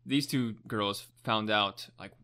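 A man's voice: fairly low pitch, slow pace, pushed and bright. A young man in casual chat, chiming in with short prompts and additions to a co-host's story.

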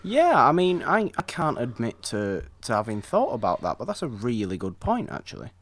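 A man's voice: mid-range voice, wildly swooping pitch, normal speed. A man in casual conversation about a classic film, enthusiastic and rambling, often restarting his sentences.

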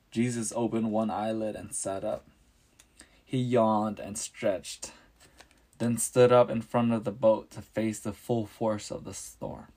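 A man reading a Bible story aloud as a podcast narrator, measured and descriptive. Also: fairly low pitch, steady tone, warm tone.

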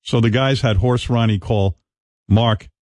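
A man's voice: medium pitch, fairly even intonation, a little slow, a little mellow, dry recording. A man hosting a radio show in casual banter, blunt and teasing, often laughing.

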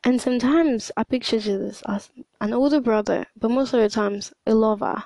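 A woman's voice: a little high, moderate pace, vocal fry, a little mellow, dry recording, low-quality recording. A young woman talking casually in a hesitant monologue, full of fillers and restarts. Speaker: podcast host.

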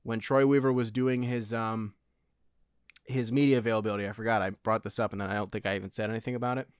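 A man co-hosting a podcast in casual sports chat, animated, with quick asides. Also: fairly low pitch, clear, resonant tone, no room sound, clean studio sound. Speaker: podcast co-host.

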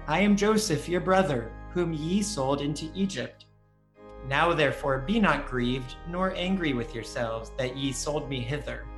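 A man reading old scripture aloud in a measured, deliberate way, then trading jokes in casual chat as a podcast co-host. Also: mid-range voice.

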